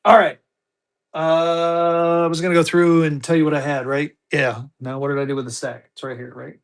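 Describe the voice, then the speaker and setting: Man, a bit higher-pitched than most, as a chatty live-auction seller who thinks aloud and calls his viewers y'all. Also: little pitch movement, moderate pace. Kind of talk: casual live-sale chatter.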